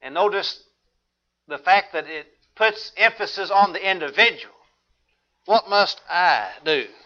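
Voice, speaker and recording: Brief: male preacher, measured and earnest, bright tone, lo-fi sound. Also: high voice. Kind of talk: sermon. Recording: dull lo-fi recording.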